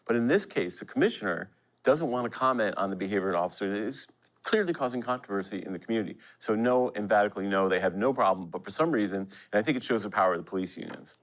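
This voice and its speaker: A man reporter talks through the news with his host at a quick, emphatic pace. His voice sits fairly low. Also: expressive, rough recording. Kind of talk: news discussion.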